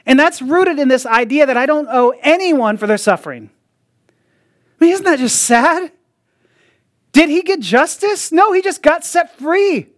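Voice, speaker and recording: A man preaches in a loose, chatty sermon style and slips into mocking voices when he quotes people. His speech is full of "like" and quick asides. The sound is dry and close, with no room echo. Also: very high voice, animated. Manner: conversational, often acts out quoted voices with a mocking edge; frequent "like" fillers and laughs.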